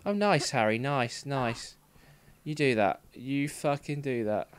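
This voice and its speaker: A man's voice: medium pitch, takes it slowly, clean tone. Exasperated man swearing at a game. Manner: frustrated, swears a lot, exasperated outbursts. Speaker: let's play streamer. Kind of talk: live gameplay commentary.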